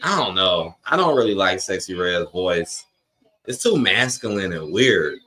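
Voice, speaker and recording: A man's voice: low voice, animated, a little slow, pushed and bright. Blunt, slangy man hosting a live stream. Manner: slangy, blunt and opinionated, talks straight to chat. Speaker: host of a live wrestling watch-along stream. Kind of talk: casual live-stream chat, reacting to a broadcast and reading viewer comments.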